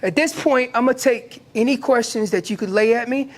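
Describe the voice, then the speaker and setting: A man with an American accent teaching an elk calling seminar, lively and acting out what the elk would say. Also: very high-pitched, brisk. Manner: animated, acts out elk calls and voices. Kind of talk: hunting seminar talk.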